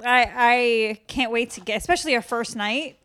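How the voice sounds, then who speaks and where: Woman comedian on a podcast, kinda high voice, tells stories, says like constantly. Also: normal speed, fairly bright tone, clear, resonant tone. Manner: chatty storytelling, full of "like", laughs often. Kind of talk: casual chat.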